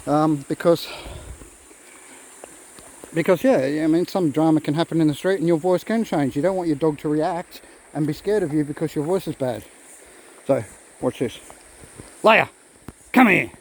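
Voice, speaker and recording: A man's voice: a little high, normal speed, warm tone, rough recording. Chatty man vlogging outdoors. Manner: chatty, rambling, talks to his dogs. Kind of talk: casual outdoor vlog. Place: outdoors by a creek. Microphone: phone camera. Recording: faint outdoor background noise. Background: faint outdoor nature sounds.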